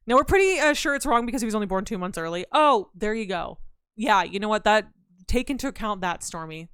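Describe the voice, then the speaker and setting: A woman's voice: medium pitch, fast talker, clean tone, no echo, clean studio sound. A young woman streamer chatting casually with her chat, telling stories and laughing, with a slightly scratchy throat. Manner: chatty, laughing, reads chat aloud, animated storytelling.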